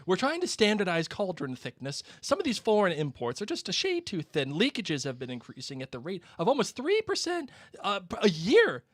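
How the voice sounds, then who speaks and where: A man's voice: high-pitched, wildly swooping pitch, normal speed, dry recording, pitched above the performer's own voice, full character voice. A man with a Boston accent reading aloud as a pompous young wizard clerk, smug and fussy.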